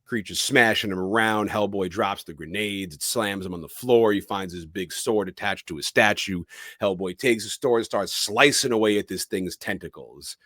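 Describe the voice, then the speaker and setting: Podcast co-host, male, lowish voice, dry close sound, casual plot recap. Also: bright, forceful tone, no echo. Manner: narrates the plot, reads quotes in a low slow voice.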